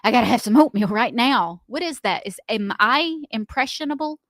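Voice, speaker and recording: A woman's voice: a little high, animated, moderate pace, no echo, clean studio sound. A woman co-hosting a morning radio show, telling chatty stories and acting out what people say. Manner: chatty storyteller, laughs often, acts out quotes. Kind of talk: casual morning radio chat. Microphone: studio microphone.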